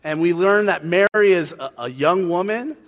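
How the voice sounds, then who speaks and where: A man's voice: high voice, normal speed. A man preaching a casual, joking sermon, chatty and full of fillers. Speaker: pastor. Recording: long hall reverb.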